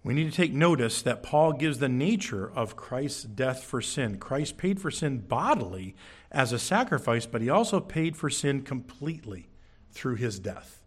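A young adult man preaching a sermon as pastor, telling a funny story with quick jokes and sudden high-pitched bursts. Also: sing-song, husky.

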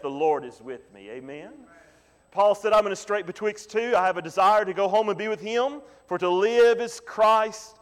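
A man preaching a Sunday sermon as pastor, often asking the congregation "Amen?" and repeating key lines slowly for emphasis. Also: high voice. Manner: preaching with call-and-response "Amen?" asides. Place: church sanctuary. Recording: long hall reverb.

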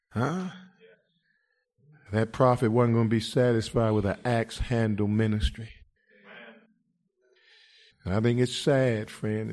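Impassioned preacher man, slow drawl. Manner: impassioned, swings from low murmurs to loud shouts; rhetorical "huh?" asides, addresses listeners as "friend". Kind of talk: sermon.

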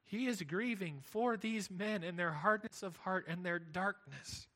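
A man's voice: sits high, a little slow, bright, forceful tone. A man preaching a sermon, earnest and emphatic, building points through repetition. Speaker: pastor.

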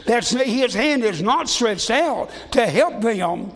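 A man's voice: very high voice, lively intonation, slow pace, fairly bright tone, big-room sound. A man preaching a sermon, reading scripture in a folksy way and often repeating and restarting his words.

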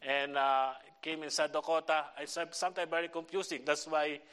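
A middle-aged man with a Filipino accent preaching a sermon in halting English, with many fillers and restarts. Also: on the high side, flat delivery, a bit bright, smooth. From Philippines. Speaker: visiting pastor. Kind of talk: church sermon and prayer request.

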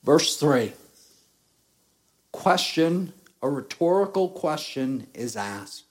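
A man preaching a sermon, reading scripture and explaining it slowly and deliberately, rising in force at times. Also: fairly high pitch, very animated. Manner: slow, deliberate preaching, rising in intensity at points. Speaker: pastor.

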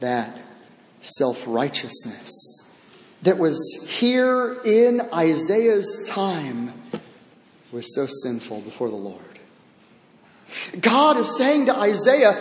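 A man preaching a sermon verse by verse, animated, acting out quoted voices and repeating words for emphasis. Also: high-pitched, slow. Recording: echoey hall.

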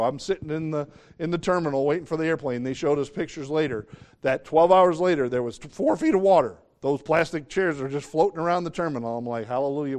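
A man preaching a sermon as pastor, talking conversationally and jumping into excited, high bursts.

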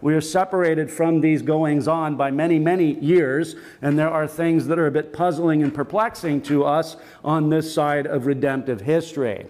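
A male pastor delivers a sermon, reading scripture and then explaining it point by point. His voice sits a little higher than most men's, and his delivery is measured and deliberate. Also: steady tone, a little mellow.

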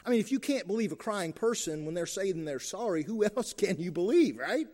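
High-voiced man preaching in a reverberant hall. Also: lively intonation, a little fast, a little mellow. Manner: emphatic, repeats key phrases. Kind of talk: sermon.

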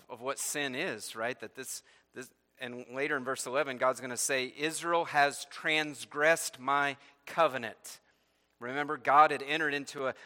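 A man's voice: mid-range voice, pushed and bright, long reverb tail. A man preaching a sermon, reading scripture aloud and explaining it verse by verse with rhetorical questions. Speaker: pastor.

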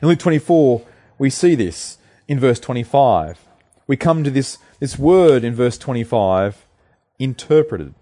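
Man, preacher, sermon, dark relaxed tone, earnest, explanatory, mid-pitched. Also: measured pace. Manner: earnest, explanatory, with fillers and restarts.

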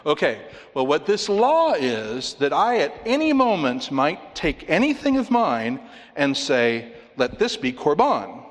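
Animated male preacher in a reverberant hall. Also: on the high side, unhurried. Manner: animated, uses baseball imagery, emphatic. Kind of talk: expository sermon.

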